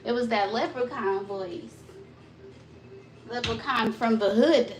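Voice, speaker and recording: A woman live-streams from her home kitchen, chatting with viewers in a relaxed, unhurried way and greeting them by name. Her voice sits a little high. Dish clatter and sizzling fill the background. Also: heavy background noise. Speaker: live-streaming mom vlogger. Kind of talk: casual live-stream chat. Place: home kitchen, doing dishes.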